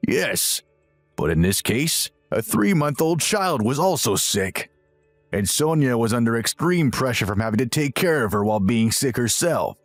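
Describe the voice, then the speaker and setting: A man's voice: medium pitch, big pitch swings, normal speed, no echo, soft background music, close to an everyday voice. A man voicing a stern, disapproving older father who rebukes firmly in a dramatized text-message story.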